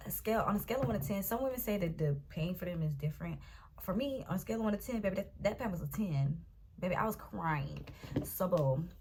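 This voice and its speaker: A woman's voice: lowish voice, fast, noisy background. A young woman vlogger telling a dramatic storytime, talking straight to her viewers. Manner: animated, dramatic retelling, talks to viewers as y'all and baby. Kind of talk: storytime vlog.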